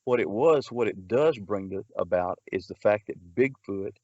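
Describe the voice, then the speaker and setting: A man's voice: lowish voice, expressive, normal speed, darkish tone, no echo, lo-fi sound. A man, a Bigfoot researcher, telling a long story in a rambling way, full of restarts and filler words. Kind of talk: casual storytelling.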